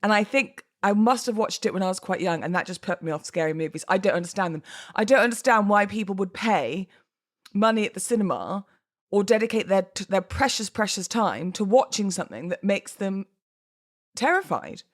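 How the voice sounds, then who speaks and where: A woman's voice: medium pitch, animated, fairly quick. A woman from England in her thirties hosting a casual solo podcast, chatty and self-deprecating, laughing often and a little out of breath from pregnancy. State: heavily pregnant, a bit out of breath. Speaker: podcast host.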